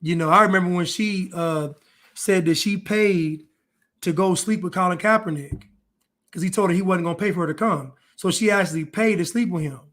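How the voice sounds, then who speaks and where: A man's voice: high voice, a little fast, fairly bright tone. A man giving preachy reaction commentary, lecturing about men and women.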